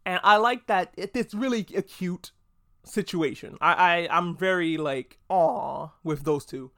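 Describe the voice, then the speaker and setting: Chatty, excitable podcast host. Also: mid-range voice, moderate pace. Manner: chatty, swears freely, restarts words; excitable, gushing. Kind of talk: casual pop culture review monologue.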